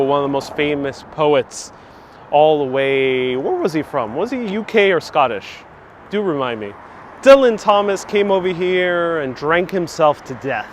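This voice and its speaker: Using a wireless clip-on mic and a phone on a gimbal, a man streams a laid-back walking tour of city streets, reading out comments from viewers and laughing often as he chats. His voice is on the high side, with slight background noise.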